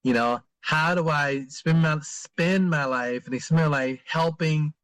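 Priest guy talking slow and halting, lots of um and you know, dry close sound. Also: a little high, a bit bright, no room sound. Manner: halting, many fillers and restarts. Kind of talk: interview answers.

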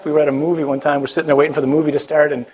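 A priest preaching a conversational sermon to a live audience, joking and putting questions to the listeners. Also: male voice, on the high side, level tone, very fast, low-quality recording.

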